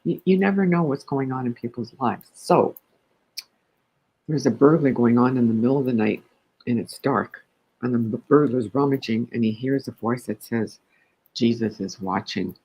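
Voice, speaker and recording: A woman's voice: a bass voice, moderate pace, slightly rough, muffled recording. A woman who is a guest on an interview show. She talks with animation and likes to tell jokes. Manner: animated joke-teller. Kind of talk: interview conversation.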